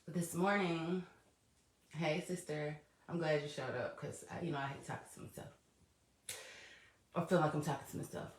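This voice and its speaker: A woman's voice: deep voice, fairly even intonation, moderate pace, pauses often. Chatty woman podcaster in an echoey room. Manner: chatty, laughs often, swears freely, talks straight to listeners. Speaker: podcast host. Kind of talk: casual solo podcast monologue. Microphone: laptop or voice memo recording.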